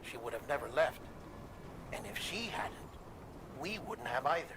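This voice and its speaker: An actor playing a calm, commanding middle-aged male official in video game cutscene dialogue, measured and persuasive. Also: mid-range voice, creaky, background noise.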